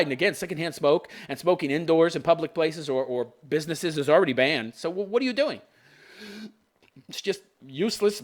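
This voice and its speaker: A man with a high, lively voice rants through a news commentary. He scoffs, swears freely and laughs at what he reads, with pitch that leaps around as he mocks. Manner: sarcastic, profane, scoffing laughs. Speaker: podcast host.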